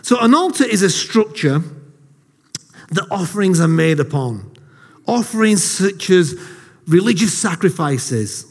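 A man's voice: sits high, big pitch swings, unhurried, pauses often, husky. A man in his thirties giving a casual, jokey sermon to a congregation, telling self-deprecating stories. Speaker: lay preacher. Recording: long hall reverb.

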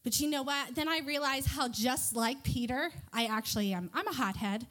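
High-pitched lady teaching a bible lesson, playful and lively, reading verses out loud. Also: normal speed. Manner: animated and playful, reads scripture aloud.

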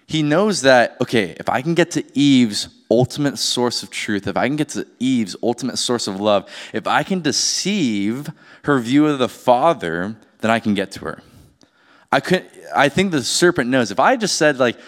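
A man's voice: mid-range voice, expressive, normal speed. A male pastor preaching a sermon in a conversational way, often asking the audience rhetorical questions. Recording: long hall reverb.

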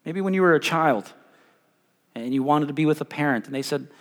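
A young man preaching a sermon as pastor, animated and stumbling over repeated words, swinging between loud and hushed. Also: a little high, a little fast. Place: church hall. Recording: live in a reverberant church hall.

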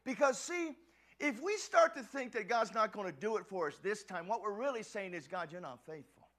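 A man preaching a passionate sermon as a pastor, often shouting and stumbling over restarts. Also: high-pitched, expressive, moderate pace.

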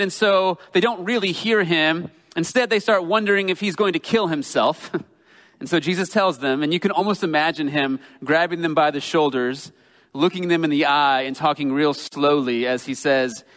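Male preacher, slightly high voice, earnest and emphatic sermon delivery, long hall reverb. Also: a bit bright. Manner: earnest, emphatic, slows down for quoted scripture.

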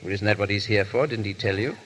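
A man's voice: lowish voice, quick pace, a bit bright, a little hiss or hum, close to an everyday voice. An actor playing a vain, foppish nobleman with a languid, stammering drawl in a 1930s radio drama. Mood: wry.

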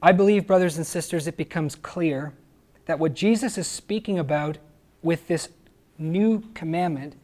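A man preaching a sermon, earnest and emphatic, often pausing to ask his listeners rhetorical questions. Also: fairly high pitch, darkish tone. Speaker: pastor.

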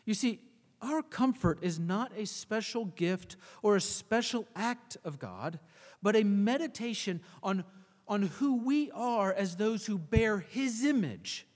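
A male pastor preaching a sermon, swinging between hushed and emphatic delivery. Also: high-pitched, lively intonation, slow, long reverb tail.

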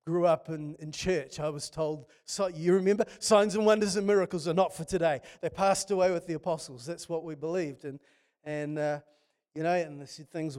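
Preaching with real fervor, this man has a somewhat high voice with a darkish tone. His sermon is built on stories, delivered passionately with many restarts.

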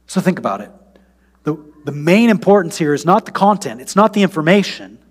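A man preaching a sermon, moving between loud, emphatic passages and soft, near-whispered prayer. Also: a little high, sing-song, brisk. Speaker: pastor.

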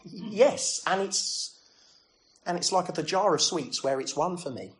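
A man's voice: high-pitched, animated, unhurried. A man preaching a sermon in a conversational way, full of rhetorical questions and self-deprecating asides.

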